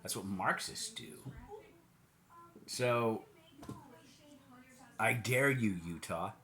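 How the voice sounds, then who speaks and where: Man, American, sarcastic ranting monologue, low voice, very lively pitch. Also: a little slow, pauses often. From United States. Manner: sarcastic, mocking, puts on silly voices. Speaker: political commentator.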